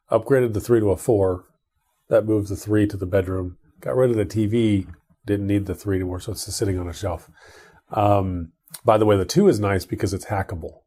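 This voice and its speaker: A man's voice: fairly low pitch, warm tone. A middle-aged man co-hosting a podcast, chatting casually about tech and his family in a rambling way with many restarts. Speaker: podcast co-host.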